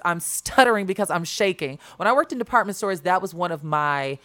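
A young adult woman co-hosting a casual podcast chat, telling stories earnestly with quick restarts. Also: lowish voice, lively intonation, fairly bright tone. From Chicago area. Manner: earnest, rapid storytelling with restarts. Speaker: podcast co-host.

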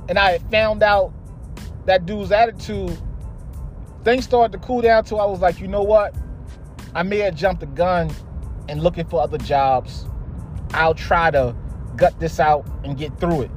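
A young man hosting a podcast, telling a story about his job in a blunt, exasperated way with lots of swearing. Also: high voice. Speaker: podcast host. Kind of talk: casual storytelling monologue.

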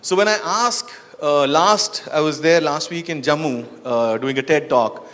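A conference speaker with a slightly high, somewhat bright voice tells stories at a measured pace. He engages the crowd with questions and habitual "you know" and "right," heard through long hall reverb.

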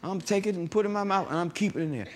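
His voice sitting high, a male pastor delivers an energetic sermon. Scripture gets slow, emphatic readings, punctuated by call-and-response asides aimed at the congregation.

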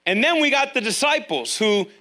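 High-voiced guy preaching, lively, bright, acts out the people in the story. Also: normal speed. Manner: animated, acts out quoted voices, asks the audience questions. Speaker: pastor. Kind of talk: sermon. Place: church room with online viewers.

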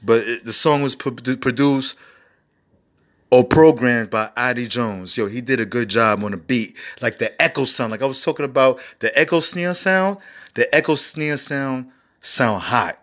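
Man, forties, bright voice, casual music review host, rambling, swearing, hyped. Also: medium pitch, unhurried. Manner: profane, rambling, enthusiastic. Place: home recording setup.

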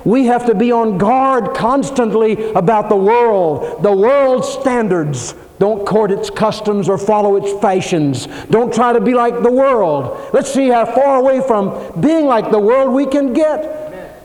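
Older preacher booming through a hall. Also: male voice, animated, normal speed. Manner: dramatic, swings between loud high emphasis and low asides. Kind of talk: sermon. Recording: long hall reverb.

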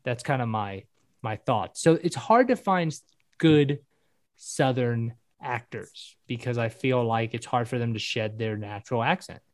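A man's voice: medium pitch, a little slow, no room sound. Casting note: man, casual podcast chat, rambling and self-correcting, dry mic. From American South.

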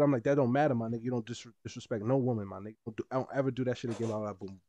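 A man's voice: mid-range voice, steady tone, rapid-fire, few pauses, mellow, no room sound, highs cut off. A young man co-hosting a podcast, telling stories in casual chat and acting out the people he quotes. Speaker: podcast co-host.

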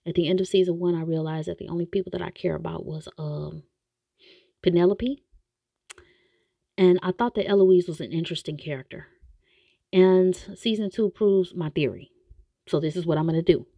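A woman's voice: lowish voice, moderate pace, creaky, pauses often, dry recording, muffled recording. A woman hosting a podcast, ranting bluntly and with exasperation in casual opinionated commentary. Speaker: podcast host reviewing a TV series.

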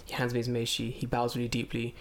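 A man's voice: medium pitch, quick pace. A man telling a story in casual, profane chat, acting out the other people as he retells it. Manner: animated, profane, acts out voices in retelling. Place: lives in Japan.

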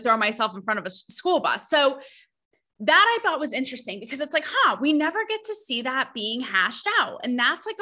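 Podcast host: young woman, bright, slightly high voice, blunt and sarcastic. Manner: blunt, sarcastic, animated, quick asides. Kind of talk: casual opinionated monologue.

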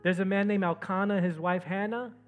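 A man with a notably high voice preaches to his church. He moves from loud, pressing exhortation to quiet, low retelling of the story. Faint instrumental music plays beneath his words. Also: fairly even intonation, brisk, narrow, tinny audio. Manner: preaching with swings from loud and urgent to soft and low. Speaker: pastor. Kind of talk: sermon.

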